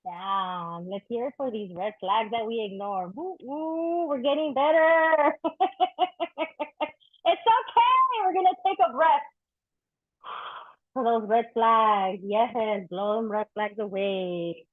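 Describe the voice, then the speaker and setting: A woman's voice: on the high side, lively intonation, takes it slowly, no room sound. A woman performing spoken-word poetry and chatting candidly between poems at a live poetry event, swearing freely. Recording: thin phone-like dry recording.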